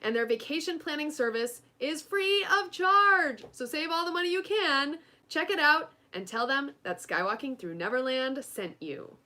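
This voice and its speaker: A woman's voice: sits high, moderate pace, few pauses. A woman co-hosting a podcast, reading sponsor messages and show plugs in a casual, upbeat way. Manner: upbeat, lively promotional delivery. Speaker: podcast co-host.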